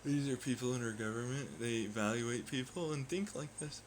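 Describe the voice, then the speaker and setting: A man's voice: mid-range voice, moderate pace, a little hiss or hum, low-quality recording. A man vlogging in a profane, sarcastic and taunting rant. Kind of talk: ranting monologue.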